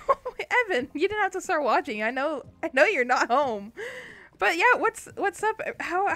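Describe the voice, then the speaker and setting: A sleep-deprived woman streaming a game, chatting casually and breaking into loud startled yelps. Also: sits high. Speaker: gaming streamer. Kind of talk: casual livestream chat.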